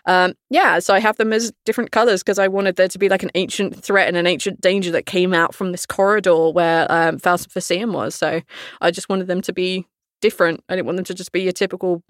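A young woman chats openly about running her tabletop games. She laughs a lot and swears without a second thought. Her voice sits low and sounds dry and close to the mic. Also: fairly even intonation, fairly quick, dry recording. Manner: candid, laughs often, swears casually. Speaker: game master. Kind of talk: casual podcast chat.

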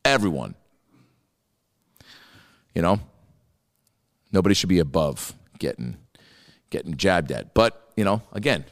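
A very low-voiced male comedian who talks off the cuff, swearing freely, with a lively, swinging pitch. The mic is dry and close, but a long reverb tail hangs behind him. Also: vocal fry. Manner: profane, rambling, swears a lot. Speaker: comedian podcast host. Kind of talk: casual monologue.

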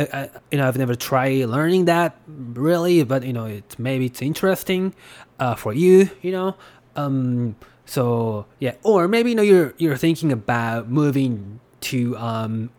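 A man hosting a relaxed spoken language lesson, talking loosely with frequent fillers and restarts. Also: mid-range voice. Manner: relaxed, hesitant, many fillers. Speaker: podcast host teaching Japanese.

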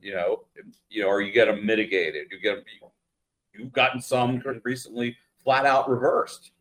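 A man's voice: lowish voice, fairly even intonation, normal speed, fairly bright tone. A man hosting a talk radio show, speaking conversationally with frequent fillers as he leads the interview.

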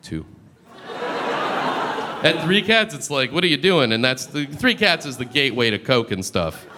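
Deadpan man doing stand-up, noisy room. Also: medium pitch. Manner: deadpan, halting delivery with many uh fillers. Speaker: stand-up comedian. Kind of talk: stand-up comedy set. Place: comedy club stage with audience laughter.

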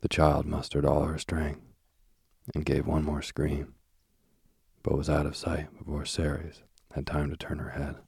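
Very deep, gravelly male storyteller. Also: monotone, measured pace, a little mellow, dry recording. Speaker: narrator. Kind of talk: storybook reading.

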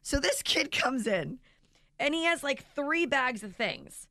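A woman co-hosting a radio show, telling a family story in lively casual banter and acting out each person in it. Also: high voice, a little slow, no echo, clean studio sound. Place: radio studio.

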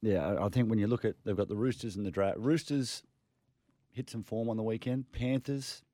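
A man's voice: fairly low pitch, steady tone, brisk, dark tone, dry recording, studio quality. A man co-hosting a sports radio show, talking in a laid-back, hesitant way. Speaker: radio sports co-host and former player. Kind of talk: casual sports radio banter.

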